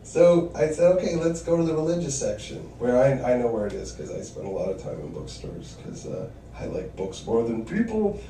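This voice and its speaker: Guy doing stand-up, wry stories, lively pitch, roomy echoey room, bit far from the mic, faint room noise. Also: a little fast, hardly any pauses. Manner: wry storytelling with quoted voices. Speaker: stand-up comedian. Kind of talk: stand-up comedy set.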